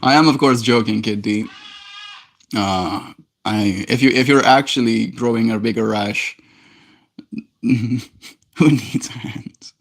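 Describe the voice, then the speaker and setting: Speaking in a gravelly, fairly low voice at a measured pace, this young daily livestreamer pauses often while he reads and responds to comments. He teases his viewers in a playful, joking way, now and then using silly put-on voices or sinking into quiet mumbles.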